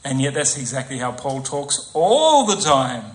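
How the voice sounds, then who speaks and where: A man's voice: mid-range voice, sing-song, a little slow, a little hiss or hum. A man preaching a conversational sermon in a church, often asking the congregation tag questions and acting out quoted voices. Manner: acts out quoted voices with soft asides.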